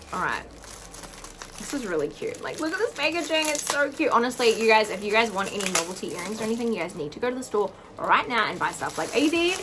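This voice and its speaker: A young woman vlogging an excited unboxing at home, gasping and gushing over each item. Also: mid-range voice, noisy background. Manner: gushing, gasping, lots of "oh my God".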